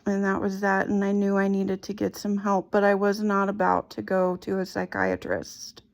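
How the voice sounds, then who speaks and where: A middle-aged woman slowly and haltingly retelling a painful personal story. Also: medium pitch, creaky. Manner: slow, halting, emotional retelling. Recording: dull lo-fi recording.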